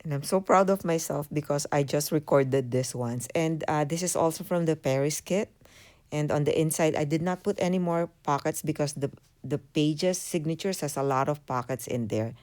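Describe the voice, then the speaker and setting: A woman's voice: deep voice, normal speed, darkish tone. A woman hosting a craft channel, giving a hesitant casual voiceover full of fillers as she walks through her project. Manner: hesitant, many fillers, apologetic. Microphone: voiceover mic.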